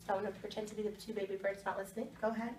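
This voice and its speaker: A woman's voice: mid-range voice, level tone, racing, a little mellow, recorded from a distance, slight background noise. Upbeat teacher woman, echoey classroom. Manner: upbeat, giving directions to children. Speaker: second grade teacher. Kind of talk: classroom reading lesson.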